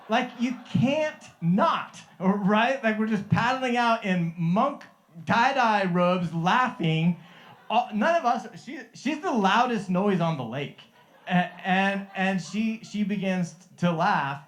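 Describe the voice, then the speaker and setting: A man's voice: high-pitched, lively intonation, slow, fairly bright tone. A middle-aged man and Christian life coach telling a testimony to a live group, earnest and often laughing, with many restarts.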